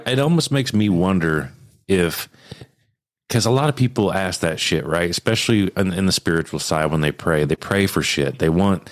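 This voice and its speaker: A man's voice: low-pitched, moderate pace, no echo. A man hosting a casual podcast, telling a story animatedly and swearing freely. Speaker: podcast host.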